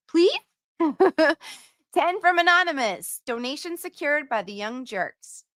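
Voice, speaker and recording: A woman's voice: a little high, sharp tone, no echo, clean studio sound. A woman hosting a casual livestream, reading out donor messages in a chatty, playful way. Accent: put-on accent at times. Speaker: livestream host reading donations.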